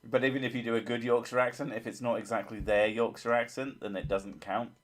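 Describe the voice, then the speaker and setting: A man's voice: mid-range voice, level tone, a little fast. A man hosting a gaming channel, chatting casually, joking, swearing freely and laughing often.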